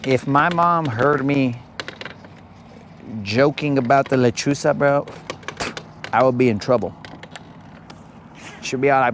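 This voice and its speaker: Slow-talking joking fishing streamer, man. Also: mid-range voice, slight background noise. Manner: joking, teasing, playfully rambling. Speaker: fishing livestream host. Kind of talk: casual live-stream chat to viewers. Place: outdoors on a lake.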